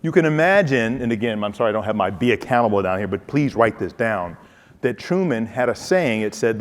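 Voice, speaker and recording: A man's voice: on the low side, expressive, brisk, long reverb tail. A man giving a humorous motivational speech, telling stories and talking straight to his audience. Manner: humorous, storytelling, addresses audience directly. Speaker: keynote speaker, former football player.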